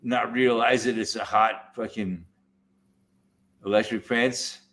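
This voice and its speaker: A man in casual chat, telling a rambling story, swearing heavily and talking with animated energy. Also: medium pitch, slow pace. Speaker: podcast host.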